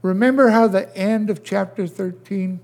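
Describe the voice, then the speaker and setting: An older man preaching a sermon as pastor, asking his listeners question after question and dropping to a hush at times. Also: high-pitched. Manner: slow, questioning preacher who swings from loud to hushed.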